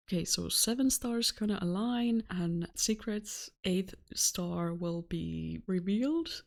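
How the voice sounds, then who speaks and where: A woman doing slow, musing gameplay commentary and reading on-screen text aloud. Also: on the low side, creaky. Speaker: let's play host.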